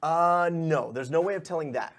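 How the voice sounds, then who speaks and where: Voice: mid-range voice, normal speed. Hesitant tabletop game master. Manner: loose, hesitant narration with many fillers.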